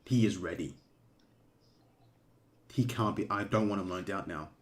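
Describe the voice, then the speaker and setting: A man giving casual live commentary during a watch-along stream, excitable and emotional, breaking into shouts at big moments. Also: low-pitched, a little slow. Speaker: fan streamer commentating a match.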